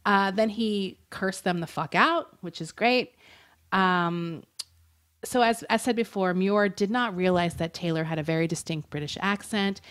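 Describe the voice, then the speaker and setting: A woman's voice: medium pitch, unhurried, fairly bright tone, clean tone. A woman co-hosting a podcast, telling a true-crime story in a casual, chatty way with many fillers and frequent laughs. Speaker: podcast co-host.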